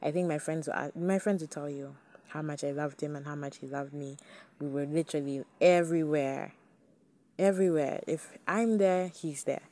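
A woman's voice: low voice, moderate pace, dark tone. A young woman hosting a podcast, talking candidly and chattily to her listeners. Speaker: podcast host. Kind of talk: casual solo podcast talk.

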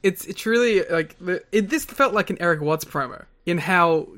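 A man's voice: sits high, expressive, normal speed, fairly bright tone. Man reacting with incredulous laughing asides. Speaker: podcast co-host. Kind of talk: casual chat.

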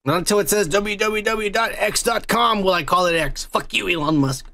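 High-voiced man, profane podcast rant. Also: normal speed, sharp tone. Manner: profane, rambling, joking. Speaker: podcast co-host. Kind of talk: crude casual podcast chat.

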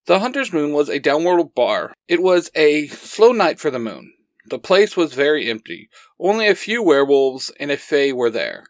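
A man's voice: mid-range voice, lively intonation, normal speed, no room sound. A man reading his own fan story aloud, acting out the dialogue earnestly as storyteller.

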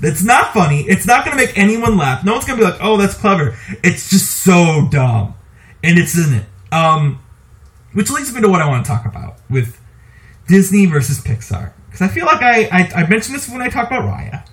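A man co-hosting a podcast, talking casually about movies in an animated, opinionated way and laughing often. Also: sits high, fairly quick. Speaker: podcast co-host.

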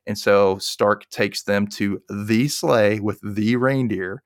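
A man casually recapping a movie's plot, chatty and dropping into quick character voices. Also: lowish voice, steady tone, dry recording, clean studio sound.

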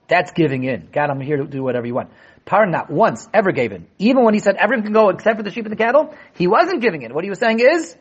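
A man teaches a Torah class in a fairly high, slightly husky voice. He leans hard on key words and repeats them for stress. The recording is dull and lo-fi. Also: big pitch swings, fast. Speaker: rabbi giving a weekly Torah talk. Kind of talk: Torah class on the weekly portion.

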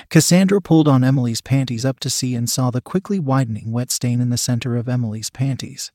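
A man's voice: mid-range voice, a little fast, few pauses, darkish tone, no echo. Man reading a story in a dry voice. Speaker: narrator. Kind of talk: scripted story narration.

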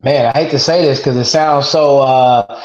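A man speaking as a guest on a casual podcast. He talks about being a father, in an energetic, repetitive, motivational way. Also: medium pitch, moderate pace. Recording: echoey, dull lo-fi sound.

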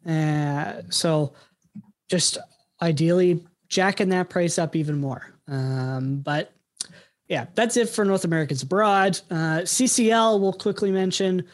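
A man's voice: high voice, unhurried. A man hosting a casual soccer podcast, talking with many ums and uhs as he moves between segments. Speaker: podcast host.

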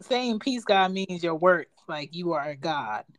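A woman co-hosting a casual chat, talking in an animated, slangy way and quoting phrases. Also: deep voice, no room sound. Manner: animated, slangy, jumps in with quick quotes. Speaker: podcast co-host.

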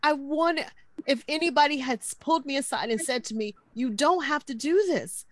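A woman's voice: high-pitched, moderate pace, no room sound. A woman co-hosting a podcast, telling a personal story earnestly and emotionally. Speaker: podcast co-host.

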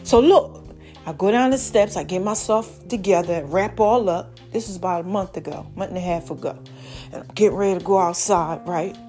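A woman's voice: mid-range voice, normal speed, faint music behind. A woman podcast host, telling a personal story in a conversational, emotional way and acting out the voices of family members. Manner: animated, acts out quoted voices of family; emotional, conversational, preacherly encouragement at the end.

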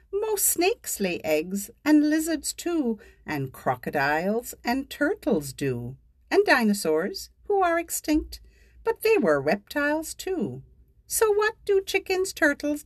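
An older woman hosting a children's podcast, leading sing-song rhymes for babies with playful, exaggerated swoops between high and low. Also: no echo, studio quality.

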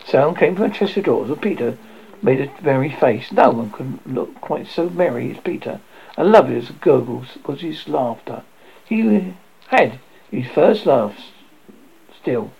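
Storybook reader, halting with restarts, gravelly husky voice, muffled lo-fi sound. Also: medium pitch, lively intonation. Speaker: audiobook reader. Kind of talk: amateur storybook reading. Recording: dull lo-fi recording.

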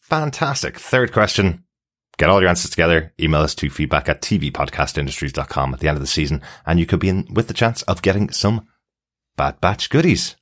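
Very deep-voiced male podcast host. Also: expressive, fairly quick, a bit bright. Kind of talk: casual chat.

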